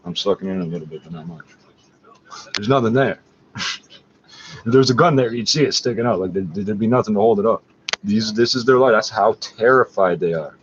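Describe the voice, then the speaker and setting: Profane, rambling low-voiced man on lo-fi audio. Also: slight background noise. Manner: agitated, swearing, laughing between points. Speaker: internet radio host. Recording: dull lo-fi recording.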